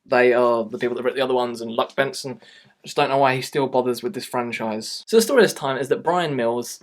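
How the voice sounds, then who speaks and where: A man's voice: mid-range voice, brisk. A man giving a casual, blunt movie review and ranting with exasperation. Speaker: film reviewer.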